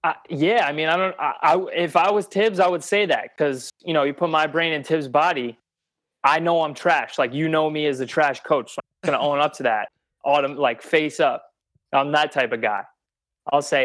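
A man's voice: a little high, normal speed, fairly bright tone, no echo. A man co-hosting a sports podcast, talking bluntly and emphatically in casual chat, swearing freely. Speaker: podcast co-host.

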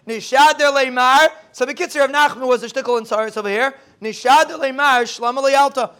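A man teaching a daily Talmud class in a quick, conversational way, with joking asides, who blends Hebrew and Yiddish terms into his English. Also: extremely high pitch, fairly bright tone.

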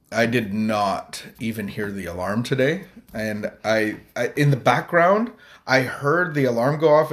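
A man co-hosting a morning live stream, talking in a rambling, jokey way and chuckling often. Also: medium pitch. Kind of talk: casual morning chat.

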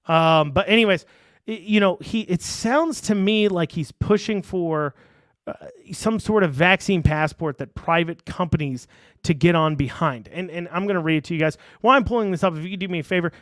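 A man with a high voice rants in a casual online commentary, rambling, restarting sentences and dropping sarcastic asides. He sounds close to a desk mic, with dry sound and no room echo. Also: fairly bright tone. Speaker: political commentator.

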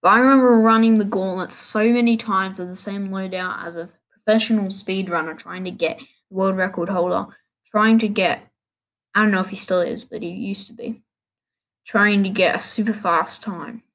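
A woman's voice: mid-range voice, steady tone, moderate pace, fairly bright tone. A woman hosting a casual solo gaming podcast, rambling and restarting her sentences in an offhand way. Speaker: podcast host.

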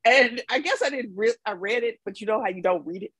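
A woman's voice: a little high, lively intonation, fairly quick, fairly bright tone, husky, no room sound, low-quality recording. A woman from Mississippi, a podcast guest, telling travel stories in casual chat with frequent laughs. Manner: chatty storyteller, laughs often.

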